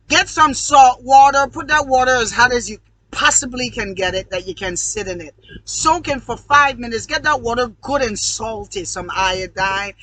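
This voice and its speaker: An online video host delivers a heated, profane monologue, preaching at the audience, swearing constantly and calling them "y'all." The voice is medium-pitched and sharp, captured in a rough recording with no room sound.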